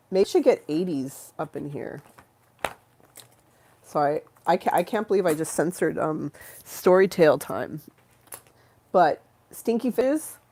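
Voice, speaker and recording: Hosting a laid-back livestream, this woman has a lowish voice with a darkish tone. Her chatter is giggly and meandering, and she often interrupts herself mid-sentence.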